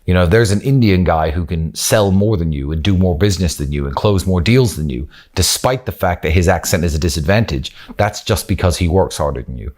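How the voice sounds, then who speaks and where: A man's voice: deep voice, animated, brisk, hardly any pauses, darkish tone. A man with a British accent giving frank, opinionated advice on speaking and vocabulary, now and then swearing for emphasis. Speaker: course presenter. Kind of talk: motivational advice talk.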